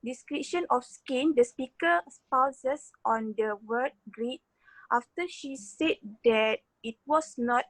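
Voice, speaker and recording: A woman's voice: high-pitched, slow, no echo, low-quality recording. Young woman reading a class presentation. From Malaysia. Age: young adult. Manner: reads from notes with many fillers. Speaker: university student presenter.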